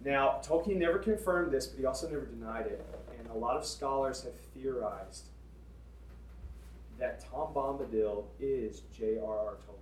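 A man telling a story in a sermon, in a conversational, animated and emphatic way. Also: mid-range voice, a little hiss or hum. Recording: echoey room, distant mic.

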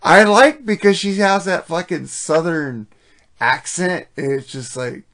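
A man hosting a podcast in casual chat, crude and quick to swear and laugh. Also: fairly high pitch, a bit bright. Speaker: podcast host. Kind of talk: casual chat about metal albums.

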